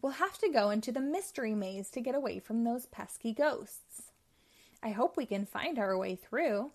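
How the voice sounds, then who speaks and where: Woman doing a chipper high Pac-Man. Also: lively intonation, normal speed, a little mellow. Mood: cheerful. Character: cheerful upbeat male Pac-Man hero.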